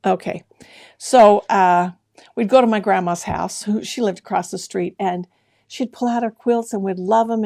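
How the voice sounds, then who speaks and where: A middle-aged woman hosting a sewing livestream in a relaxed, chatty way. She greets viewers by name and laughs often. Her voice is mellow and carries a gravelly fry. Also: medium pitch. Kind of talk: casual live-stream chat with viewers.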